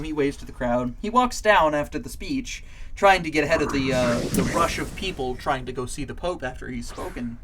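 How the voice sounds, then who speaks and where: A man's voice: a little high, a bit bright, a little hiss or hum. A man streaming from home, telling a long joke casually, rambling with many fillers and restarts.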